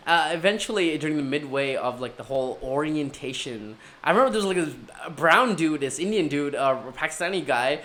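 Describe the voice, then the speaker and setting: Young man telling an animated story. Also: fairly high pitch, fairly quick, hardly any pauses. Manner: animated, swears casually, acts out dialogue. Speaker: career advice youtuber. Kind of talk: casual storytelling advice.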